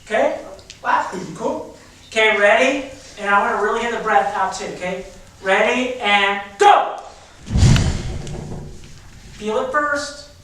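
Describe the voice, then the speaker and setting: A man's voice: high-pitched, moderate pace, pushed and bright. A man teaching a drama class, coaching students through an exercise with lots of energy and fillers. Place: school drama room with hardwood floor. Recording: very echoey room, far from the mic.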